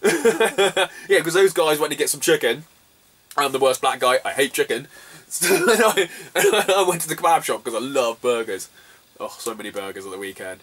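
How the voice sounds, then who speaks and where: English male vlogger, 30s, bright and a touch high, swears and laughs through casual stories, set back from the mic. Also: moderate pace. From Cornwall. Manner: swears freely, laughs often, acts out quoted lines. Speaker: retro gaming vlogger. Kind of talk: casual anecdotal storytelling. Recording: voice a little distant from the mic.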